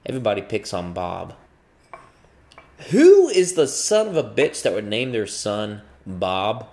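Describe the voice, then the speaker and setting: Animated, profane man ranting comically. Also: fairly low pitch, a little slow. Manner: profane, animated, acts out voices mid-rant. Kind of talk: comedic rant.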